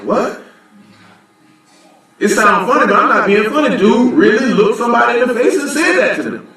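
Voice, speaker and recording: Sitting high and a bit bright, a man's expressive voice moves at a moderate pace through informal, blunt Bible teaching at a religious assembly. He keeps asking "you know what I'm saying," and sounds distant in a very echoey room.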